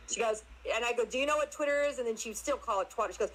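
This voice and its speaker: A woman guest telling casual stories in an animated way, laughing often and acting out other people's voices. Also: fairly high pitch, fast talker, low-quality recording. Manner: animated, laughs often, acts out her mother's voice. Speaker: interview guest. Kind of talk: casual storytelling chat.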